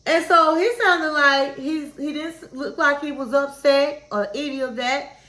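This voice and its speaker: A high-pitched woman gives a frank, chatty recap of a reality show and calls her viewers "honey" as she talks. Her voice sits in a roomy, echoing space. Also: measured pace, sharp tone. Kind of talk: casual candid commentary. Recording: roomy echo.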